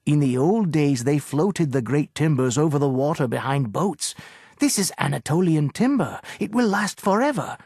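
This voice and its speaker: A man doing a sly, hushed haggling agent. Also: fairly high pitch, expressive, normal speed, husky, no room sound, studio quality. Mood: sly, coaxing. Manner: hushed and sly, then bursts into shouts. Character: shrewd middle-aged male estate agent.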